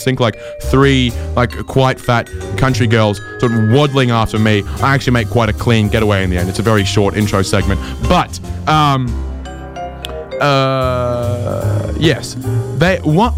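A man, hosting a comedy show and telling rambling stories in a dry, deadpan way. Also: mid-range voice. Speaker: podcast host. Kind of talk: comedic storytelling and chat.

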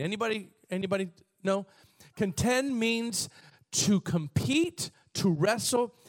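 High-voiced male preacher, emphatic. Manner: preaching with rising bursts of emphasis, calls to the congregation. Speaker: pastor. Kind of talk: sermon.

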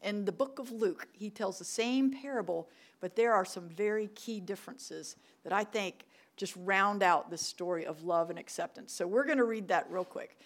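Speaking at a moderate pace in a mid-range voice, this middle-aged church ministry director preaches through warm stories. Her key points come back again and again, emphatically.

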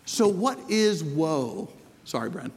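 Male pastor, conversational sermon, high voice, long hall reverb. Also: very animated, slow pace, background noise. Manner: conversational, asks rhetorical questions. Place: church hall with congregation.

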